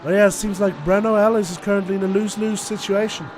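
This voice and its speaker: A man's voice: high-pitched, little pitch movement, fast talker, music in the background. A man giving chatty, analytical live commentary on a sim race, laughing often. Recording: noisy with race car sound behind.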